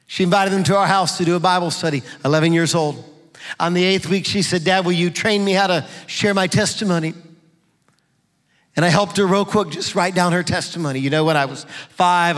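A middle-aged man preaching a fervent sermon in a church, building to shouts. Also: high voice. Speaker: pastor. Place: church sanctuary. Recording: long reverb of a large hall.

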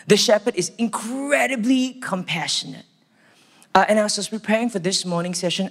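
A Singaporean man with a Singaporean English accent giving a church sermon. He opens with a prayer and then tells animated stories. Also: sits high. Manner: animated storytelling, acts out quotes. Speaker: church staff preacher. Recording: long hall reverb.

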